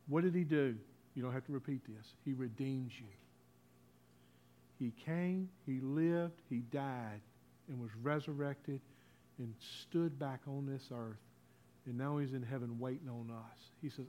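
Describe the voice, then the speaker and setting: A man preaching a communion sermon in a church. He talks in a folksy way, leads the congregation in call-and-response, and swings between loud and hushed. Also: a little high, a little slow. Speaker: pastor.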